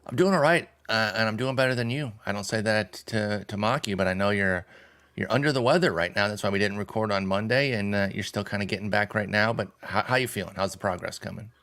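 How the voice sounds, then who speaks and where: A man's voice: lowish voice, fast talker, a bit bright. A man hosting a podcast, talking casually and conversationally with his co-host. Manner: conversational, frequent restarts. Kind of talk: casual chat.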